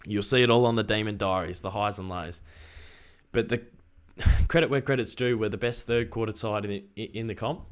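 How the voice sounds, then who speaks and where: A young Australian man chatting excitedly on a live stream and reading out viewer messages. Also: fairly low pitch, normal speed. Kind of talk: casual live stream chat.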